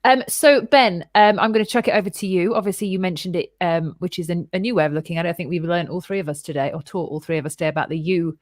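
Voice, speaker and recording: A woman's voice: lowish voice, quick pace, few pauses, no room sound, studio quality. A woman hosting a casual group discussion, friendly and encouraging, handing questions to her guests. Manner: friendly, encouraging, loose phrasing. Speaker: podcast host.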